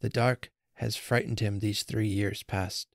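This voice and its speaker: A man reading aloud as Father Time, an old figure speaking gently, slowly and soothingly. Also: lowish voice, flat delivery, creaky, no echo, studio quality. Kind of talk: storybook reading.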